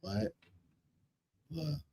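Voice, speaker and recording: A man in his thirties hosts a live-stream tarot reading, speaking extremely slowly in a mellow voice over slight background noise. His talk is casual, slangy, blunt and profane, and he repeats himself for emphasis and laughs often.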